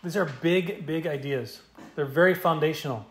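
A man's voice: on the high side, normal speed, reverberant. A male pastor preaching an expository sermon, emphatic and repeating key phrases for stress. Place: church.

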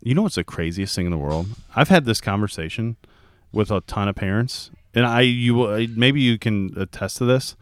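A man in his thirties, a youth baseball coach, chatting casually and acting out conversations with lively voices. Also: lowish voice, normal speed, clean tone, no echo. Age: 30s. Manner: animated, acts out quoted dialogue. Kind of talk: casual podcast chat.

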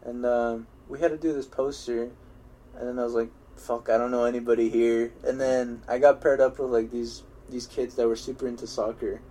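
A young man spins long, looping stories from his school days in a relaxed podcast chat. He keeps starting his sentences over and swears freely. He often breaks into laughter at his own tales. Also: mid-range voice, moderate pace. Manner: rambling storytelling with frequent restarts and swearing. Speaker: podcast co-host. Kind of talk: casual chat.

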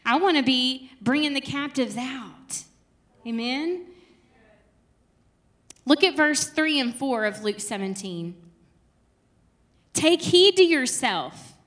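This is a young woman teaching a Bible study in a relaxed, conversational way. Her voice sits high and sounds bright and clear. She talks to the group like friends, lively and chatty, with frequent laughing asides. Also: slow, long pauses.

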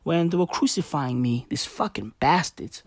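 Woman doing a chill dude Jesus: low, muted, casual, dry close sound. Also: animated, normal speed, a little mellow, slightly rough, dry recording, heavily acted. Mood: laid-back. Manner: low, muted, offhand drawl. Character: laid-back male Jesus, casual and unbothered.

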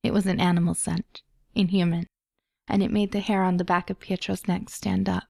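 A woman reading a story aloud as an audiobook narrator, in a measured storytelling manner. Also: lowish voice, level tone, gravelly, darkish tone, dry recording, clean studio sound. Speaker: podfic reader.

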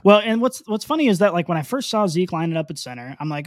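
A man's voice: high voice, sing-song, fast, few pauses, no echo, studio quality. A man co-hosting a sports podcast, talking animatedly in casual chat and acting out quotes, swearing freely. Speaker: podcast co-host.

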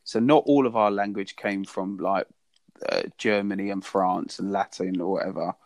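A man's voice: deep voice, steady tone, moderate pace, a little mellow, no room sound. A man from England co-hosting a podcast, chatting in a rambling, easygoing and teasing way. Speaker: podcast co-host. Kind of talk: casual chat.

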